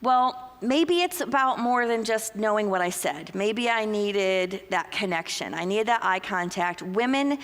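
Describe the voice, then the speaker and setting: A woman speaking at a couples conference in a church hall, lively and acting out little quoted exchanges as she teaches. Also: mid-range voice, a little slow, hardly any pauses. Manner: lively, uses acted-out quotes. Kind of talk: conference talk. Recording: long reverb of a large hall.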